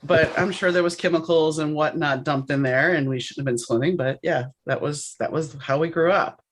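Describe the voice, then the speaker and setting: A woman's voice: low-pitched, moderate pace. Chatty woman host from New Orleans. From New Orleans, USA. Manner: chatty, reflective, animated storyteller. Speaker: podcast host. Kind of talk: casual interview chat.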